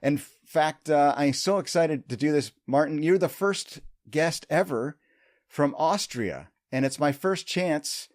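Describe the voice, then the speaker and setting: A man's voice: fairly high pitch, slow pace. Upbeat male podcast host. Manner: enthusiastic, upbeat, joking. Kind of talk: casual interview chat. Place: remote video call.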